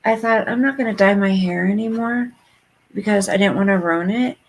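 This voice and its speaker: Woman in her 50s with a gravelly voice, gossipy vlog chat, blunt and chatty. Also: medium pitch, moderate pace, a little hiss or hum, low-quality recording. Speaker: vlogger. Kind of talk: casual chat to viewers.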